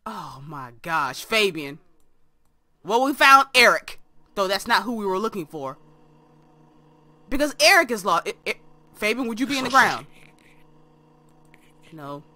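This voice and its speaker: Lively, bright-voiced young woman gamer. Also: mid-range voice, a little slow, pauses often. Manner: chatty, talks to the game characters and viewers. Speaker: let's play host. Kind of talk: casual game commentary. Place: her own room.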